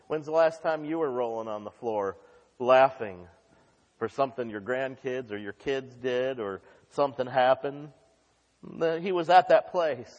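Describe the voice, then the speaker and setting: A man preaching a sermon with fervor, dropping to hushed lines and rising to shouts. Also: mid-range voice, unhurried, dull audio. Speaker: pastor. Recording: long reverb of a large hall.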